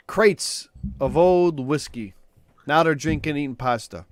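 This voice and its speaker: A man's voice: a little high, measured pace, no echo, studio quality. A man co-hosting a casual comedy podcast, friendly and telling jokes. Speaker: podcast co-host.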